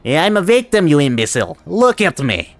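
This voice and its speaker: A man voicing a desperate accused arsonist who shouts and pleads his innocence. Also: fairly high pitch, moderate pace, dry recording, soft background music, pitched above the performer's own voice, close to an everyday voice. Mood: outraged.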